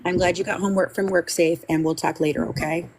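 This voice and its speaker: A woman's voice: on the low side, fairly even intonation, brisk, a little mellow. A woman hosting a live stream who speaks in an agitated, swearing way, her voice tight with anger. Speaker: livestream host. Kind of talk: live-stream talk to chat.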